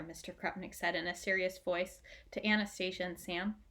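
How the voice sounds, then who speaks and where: A woman narrating a children's book aloud in a gentle, expressive way. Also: lowish voice, normal speed, hardly any pauses. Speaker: audiobook reader. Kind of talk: storybook narration.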